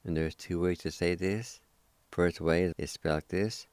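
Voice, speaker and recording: A man's voice: low-pitched, steady tone, moderate pace, a little mellow, dry recording. A man teaching a language lesson, spelling and pronouncing words syllable by syllable with patient repetition. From Oklahoma, United States. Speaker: language teacher and radio host. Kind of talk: slow spoken vocabulary lesson.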